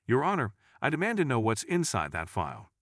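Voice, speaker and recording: A man's voice: mid-range voice, wildly swooping pitch, brisk, no room sound, clean studio sound. A man voicing an impatient, scornful male prosecutor who speaks sharply. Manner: sneering, sharp.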